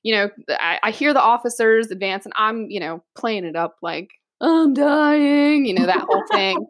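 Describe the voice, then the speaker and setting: A woman's voice: mid-range voice, fairly quick, no room sound. A woman police officer telling a funny work story in casual chat, laughing often and acting out the voices of others. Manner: animated, laughs often, acts out quoted voices.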